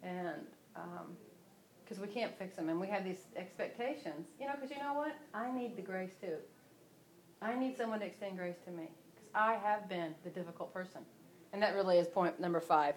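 A woman's voice: on the low side, normal speed. Conversational woman hosting faith talk. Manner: conversational, quotes scripture.

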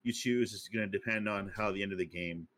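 A podcast co-host with a fairly low male voice, chatting casually. He rambles, circling back with fillers and restarts as he lays out an idea. His delivery stays loose and conversational. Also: quick pace, a bit bright. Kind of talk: casual chat.

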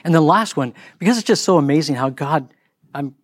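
A man's voice: a little fast, no room sound. A middle-aged man telling a casual story, acting out the people he quotes. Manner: animated, acts out quoted voices in higher pitch.

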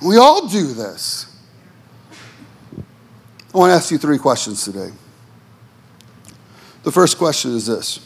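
High-voiced man preaching with passion. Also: huge pitch swings, slow pace, pauses often, breathy edge. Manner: impassioned preaching with sudden drops to low, quiet emphasis; repetitive, rhythmic phrasing. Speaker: pastor. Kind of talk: sermon.

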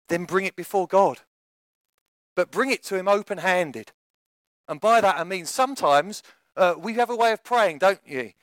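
A man's voice: fairly high pitch, a bit bright, no echo, rough recording. A man preaching a sermon in a chatty way, joking with his congregation.

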